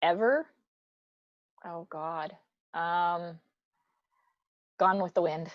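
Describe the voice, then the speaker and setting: A middle-aged woman being interviewed in a casual chat, frank and quick to answer, often laughing. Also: on the low side, no room sound, lo-fi sound. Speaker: interview guest, business leader.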